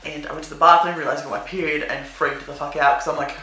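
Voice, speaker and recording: A woman's voice: low voice, fairly even intonation, fast, sharp tone. A young woman telling a casual storytime to camera, laughing through lines, swearing, and saying "like" a lot. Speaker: vlogger. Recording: echoey room with faint music.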